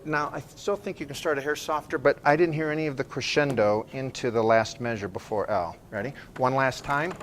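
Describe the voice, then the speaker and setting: A man leading a school band rehearsal, giving brisk, encouraging directions, counting off and singing phrases to show how they should sound. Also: mid-range voice, over loud music. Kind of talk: ensemble rehearsal instruction.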